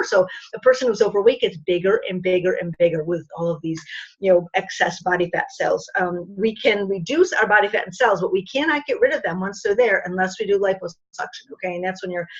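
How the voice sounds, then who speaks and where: A woman's voice: mid-range voice, slightly rough. A middle-aged woman, a naturopathic doctor, giving an informal health talk to an audience and often checking in with "okay?" and "you know". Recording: dull lo-fi recording.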